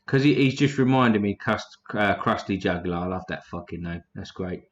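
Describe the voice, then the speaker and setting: A man's voice: low-pitched, normal speed, dull audio. A man hosting a casual livestream, reading chat names aloud in a blunt, profane way.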